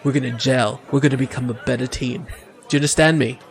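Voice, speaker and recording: A man's voice: mid-range voice, fairly even intonation, fast, creaky, some chatter behind, natural voice. A man voicing a boastful, pushy male aasimar hero in tabletop role-play, aggressively encouraging and laughing. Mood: pep talk.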